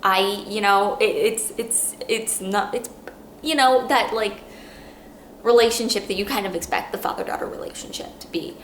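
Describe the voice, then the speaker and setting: A woman's voice: medium pitch, fairly bright tone. Earnest rambling woman in a roomy space. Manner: rambling, halting, many restarts; earnest and emotional. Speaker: podcast host. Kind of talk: casual book review monologue. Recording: roomy echo, faint background hum.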